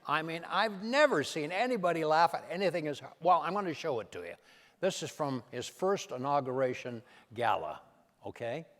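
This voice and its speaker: A slightly high voice at normal speed rings with a long reverb tail as an older comedian and impressionist tells stories on stage. Lively throughout, he acts out the voices in his anecdotes.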